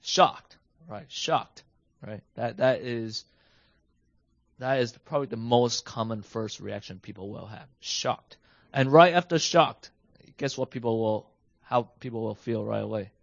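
A man teaching a class, quizzing his listeners and jumping up in pitch when he acts out a reaction. The sound is dry and a bit dull. His voice is medium in pitch. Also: moderate pace, vocal fry, no room sound. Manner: animated, asks the class questions, switches between English and Mandarin. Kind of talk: bilingual class lesson. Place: home with a basement.

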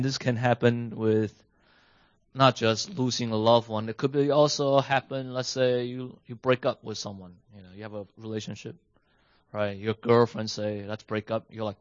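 A man teaching a lesson, animated and questioning his listeners as he explains, switching between English and Mandarin. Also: medium pitch, normal speed, no echo, lo-fi sound. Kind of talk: bilingual class lesson. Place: home with a basement.

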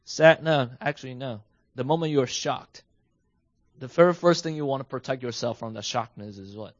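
A man teaching a class, quizzing his listeners and jumping up in pitch when he acts out a reaction. The sound is dry and a bit dull. His voice is medium in pitch. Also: normal speed, dry recording. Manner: animated, asks the class questions, switches between English and Mandarin. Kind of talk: bilingual class lesson. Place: home with a basement.

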